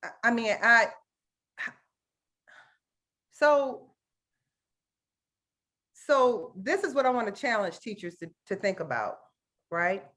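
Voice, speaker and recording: A woman's voice: fairly high pitch, animated, takes it slowly, pauses often, fairly bright tone. A woman teacher giving an earnest, emotional workshop talk over a video call, often checking in with "right?" and calling her audience "guys". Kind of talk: online conference presentation.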